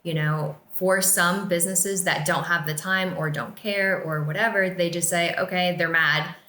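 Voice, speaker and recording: Here is a woman with a somewhat low, bright, forceful voice who speaks as a podcast guest. She explains things in an earnest, encouraging way, and she is recorded in an echoey room. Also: steady tone, normal speed. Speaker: podcast guest, office staff. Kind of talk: casual podcast chat.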